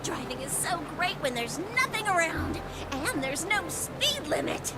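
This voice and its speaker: An actress voicing a bubbly, reckless young woman who loves driving fast in a video game. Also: very high-pitched, heavy background noise, exaggerated voice. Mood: thrilled. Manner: bubbly, excited. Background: game music.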